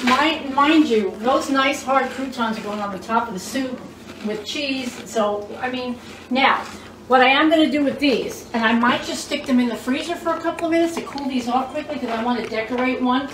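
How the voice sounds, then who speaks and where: A bit bright and pitched high, a woman talks at a moderate pace while cooking in her kitchen for her home show. She chats, exclaims, and squeals when food works out, all picked up on a roomy, distant mic with hiss behind it.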